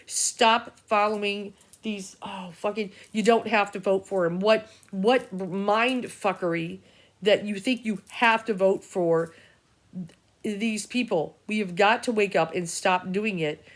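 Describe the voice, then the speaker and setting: A woman's voice: medium pitch, slow pace. A middle-aged woman, an intuitive reader, rambling through an agitated, profane, stream-of-consciousness vlog rant.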